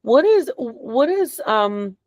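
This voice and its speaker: A woman's voice: a little high, sing-song, takes it slowly, darkish tone, no echo, studio quality. A middle-aged woman chatting casually during a reading, rambling and emotional, often laughing as she talks. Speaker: client getting a reading. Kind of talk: casual conversation.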